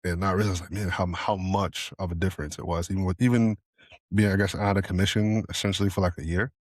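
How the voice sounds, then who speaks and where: Man, very low voice, podcast co-host, casual chat, laughs a lot, dry close sound. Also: fairly even intonation, fast talker, no echo. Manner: laughs often, loose and profane, trails off and restarts.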